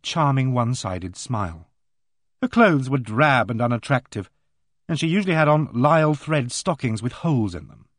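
A man reading a novel aloud as narrator, in measured storytelling style with voiced dialogue. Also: medium pitch, dry recording, clean studio sound. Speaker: audiobook narrator. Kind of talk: scripted narration.

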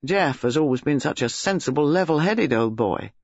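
A man playing a charming, outspoken, rather boastful gentleman with a dry, blunt way of talking. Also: a little high, animated, normal speed, dry recording. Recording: dull lo-fi recording.

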